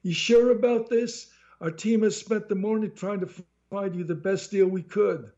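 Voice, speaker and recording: A hefty, menacing salesman with a New Jersey accent, as a man reading a story puts him on, leaning on every pitch with pushy, wheedling patter. The voice sits raised and insistent, and the recording is a little muffled. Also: moderate pace, dark tone. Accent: New Jersey (put on). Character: hefty menacing mafia-style timeshare salesman, male.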